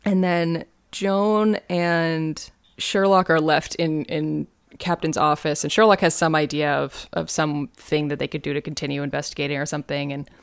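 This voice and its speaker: A woman with a notably low voice talks through a story in loose, chatty fashion, filling gaps with "like" and "um". The sound is dry and close, with no room behind her. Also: fairly even intonation, normal speed, vocal fry, clear, resonant tone, dry recording. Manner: rambling recap, many fillers, acts out quotes. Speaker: podcast co-host. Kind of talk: casual chat.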